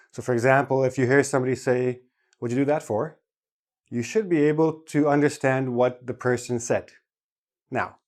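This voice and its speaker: Canadian man teaching, slow and clearly enunciated. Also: mid-range voice, darkish tone. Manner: slow, carefully enunciated, stresses each syllable. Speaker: English teacher. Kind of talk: scripted lesson to camera.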